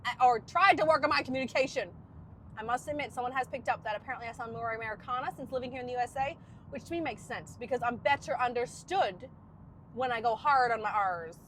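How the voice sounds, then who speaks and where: Chatty woman, high voice, bit aussie, bit of everything accent, playful. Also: fast, slight background noise. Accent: mixed, partly Australian. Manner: chatty, playful, self-mocking. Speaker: vlogger. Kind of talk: casual chat to camera.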